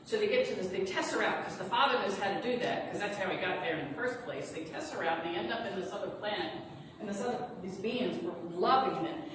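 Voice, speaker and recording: A woman reverend giving a sermon, retelling a story in an earnest, reassuring way. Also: mid-range voice. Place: sanctuary of a spiritual center. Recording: echoey hall from far off, noisy.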